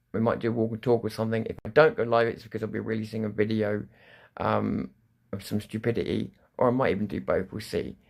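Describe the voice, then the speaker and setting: A man's voice: lowish voice, creaky. A man hosting a live stream, talking in a rambling way, restarting sentences and swearing freely. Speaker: livestream news host. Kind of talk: casual live-stream monologue.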